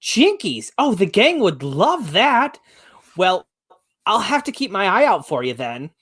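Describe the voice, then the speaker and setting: A man's voice: high-pitched, huge pitch swings, unhurried, fairly bright tone, breathy edge, pitched above the performer's own voice, exaggerated voice. Velma, as a man puts her on. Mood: chipper. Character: nerdy young woman sleuth, chipper.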